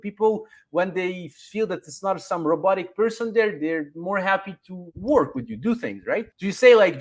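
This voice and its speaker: A man's voice: sits high, lively intonation, fairly quick, hardly any pauses. A man guest in a casual chat, giving advice and acting out sample customer emails.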